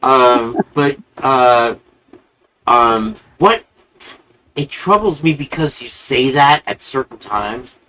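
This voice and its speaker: A man's voice: medium pitch, animated, slow pace, bright, forceful tone, poor audio. A man hosting a live-stream show, telling a long rambling story in a casual, profane, chatty way.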